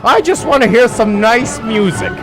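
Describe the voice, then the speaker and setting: A man's voice: extremely high pitch, moderate pace, music in the background, pitched above the performer's own voice, rough recording. A man doing a peevish woman listener. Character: fussy woman radio listener complaining about the show.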